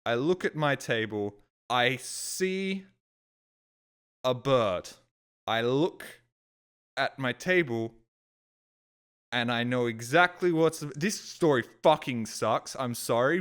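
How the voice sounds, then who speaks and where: A man's voice: mid-range voice, animated, slow, long pauses, a bit bright, clean tone. A young man telling a story as a live streamer, casual and exasperated, swearing often as he rants. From Australia.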